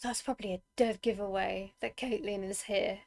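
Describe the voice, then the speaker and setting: A woman hosting a reaction video, chatting casually with quick asides and laughter. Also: mid-range voice, steady tone, gravelly, over loud music.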